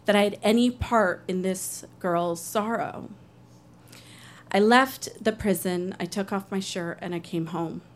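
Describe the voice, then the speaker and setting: On stage, a woman with a lowish voice tells a personal story in an earnest, conversational way, briefly acting out other people's voices.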